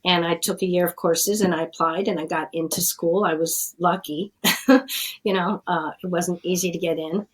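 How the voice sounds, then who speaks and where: A woman's voice: fairly low pitch, fairly even intonation, normal speed, husky, low-quality recording. A middle-aged woman scientist telling her story in a plainspoken, earnest way during an interview. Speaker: addiction scientist, guest. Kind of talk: conversational storytelling.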